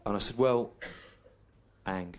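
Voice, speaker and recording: A low-pitched English man tells a story on stage in a dry, deadpan way, lingering on repeated lines and pauses. Loud audience laughter rolls in over the live recording. He sounds like a man in his forties working a comedy room. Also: heavy background noise. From England. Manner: deadpan, slow and repetitive, with long pauses. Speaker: stand-up comedian. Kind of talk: stand-up storytelling.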